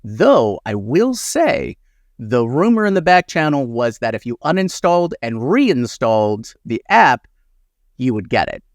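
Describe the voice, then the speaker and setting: A man co-hosting a casual news talk show, speaking hesitantly and pausing often. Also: mid-range voice, sing-song, no echo, studio quality. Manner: hesitant, many fillers. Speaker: co-host. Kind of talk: casual chat.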